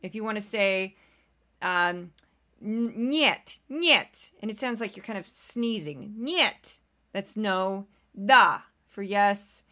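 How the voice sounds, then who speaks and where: A woman's voice: medium pitch, a little slow, a bit bright. An American woman hosting a casual solo podcast, chatty and rambling, laughing often into a home microphone. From United States. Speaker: podcast host.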